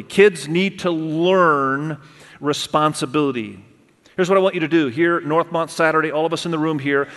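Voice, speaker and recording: Middle-aged male pastor, sermon, fairly high voice, long hall reverb, animated, addresses the room. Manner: animated, talks straight to the congregation with questions. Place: church auditorium.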